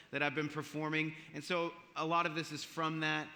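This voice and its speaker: In a university chapel with long hall reverb, a man in his forties gives a casual, joking talk full of stories, playful and self-deprecating in a conversational way. His voice is fairly high with fairly even intonation, a little fast, and sharp in tone.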